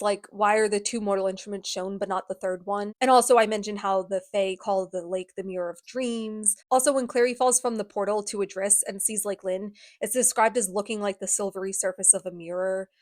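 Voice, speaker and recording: A young woman in her twenties recaps a book series with animated, sarcastic commentary and frequent laughter. Her voice sits at a middle pitch, and the recording is close and dry with no room sound. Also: fairly quick, few pauses, dry recording. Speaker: book vlogger.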